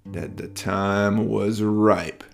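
A man telling a children's bedtime story as podcast host, in a relaxed, rambling way with fillers. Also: fairly low pitch, extremely slow, vocal fry, faint music behind.

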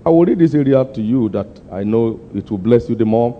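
An older man preaching a sermon, pushing his people for answers and climbing to sudden high, emphatic peaks. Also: lively intonation, a little fast, slight background noise. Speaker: pastor. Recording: muffled lo-fi sermon recording.

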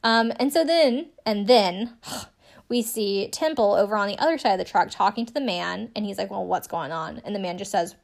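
A woman talks through a TV show recap in a loose, chatty way, full of fillers and asides. She gets openly indignant and swears freely. Her voice sits at an ordinary middle pitch. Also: moderate pace, vocal fry. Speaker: recap commentator. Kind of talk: casual spoken recap of a TV show.

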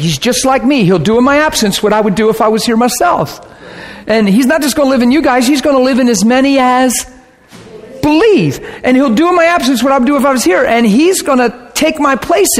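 High-voiced earnest male preacher. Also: in a large hall. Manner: earnest, builds to excited emphatic peaks. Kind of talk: sermon teaching.

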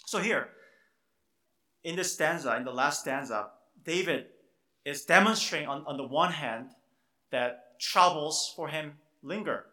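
A man's voice: on the high side, unhurried, pauses often, bright, forceful tone, reverberant. A man preaching a sermon, earnest and emphatic, often repeating words as he stresses a point. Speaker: pastor.

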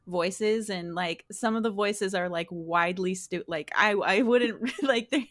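A woman's voice: mid-range voice, unhurried, no echo, clean studio sound. A woman being interviewed about her streaming, chatting casually, laughing often and restarting her sentences. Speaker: streamer guest.

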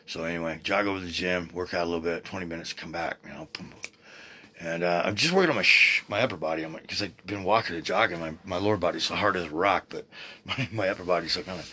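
A man in his sixties hosting a podcast, rambling in a casual, excitable way, swearing freely and often restarting his sentences. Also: low voice, fast talker. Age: 60s. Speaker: podcast host. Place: at home, seated.

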